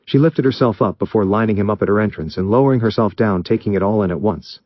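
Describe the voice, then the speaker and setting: Low-voiced guy reading a story out, steady, muffled dry recording. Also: quick pace, dry recording. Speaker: story reader. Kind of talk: reading fan fiction aloud.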